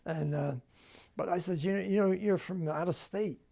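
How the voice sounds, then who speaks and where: A man's voice: high-pitched, moderate pace, gravelly, dark tone. An older man with a New Jersey accent, telling family stories in an oral history interview at home and acting out the dialogue. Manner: storytelling, acts out quoted dialogue.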